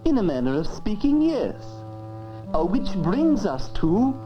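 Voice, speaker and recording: A woman's voice: medium pitch, sing-song, measured pace. A woman voicing a fussy, learned talking dictionary that lectures in grand, wordy phrases, on dull lo-fi old film sound with faint music. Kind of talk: educational film acting.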